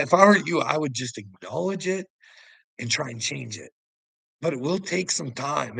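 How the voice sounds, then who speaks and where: Gravelly man mocking and laughing. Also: medium pitch, sharp tone, no echo. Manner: taunting, profane, laughs often between lines. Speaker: vlogger. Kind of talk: mocking rant to the camera.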